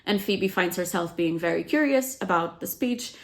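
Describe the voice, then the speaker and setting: Woman, lowish voice, casual book recap, chatty, lots of fillers. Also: lively intonation, normal speed. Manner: chatty, frequent "like" fillers, acts out quotes. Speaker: book summary host. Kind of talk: casual book plot retelling.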